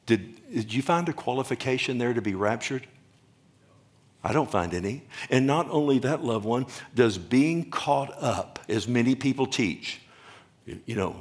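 A man's voice: medium pitch, lively intonation, moderate pace. A man preaching a sermon as pastor, firing questions at his congregation and answering them himself, with the odd joke. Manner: jokes and laughs with the congregation.

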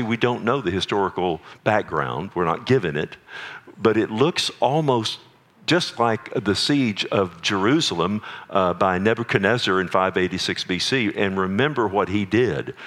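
A man's voice: lowish voice, a bit bright. A man preaching a sermon as pastor, reading scripture aloud with earnest, dramatic emphasis into a church microphone. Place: church sanctuary. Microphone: microphone on a sound system.

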